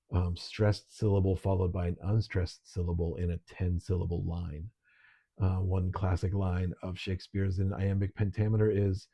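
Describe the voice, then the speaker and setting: A middle-aged man teaching an online literature lesson, relaxed and conversational, with frequent ums. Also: low voice, moderate pace.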